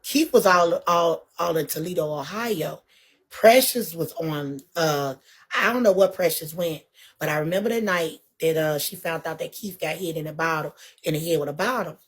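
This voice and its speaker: A woman telling a story in a casual, animated way, laughing often and swearing freely. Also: low-pitched, moderate pace, breathy edge. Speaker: guest.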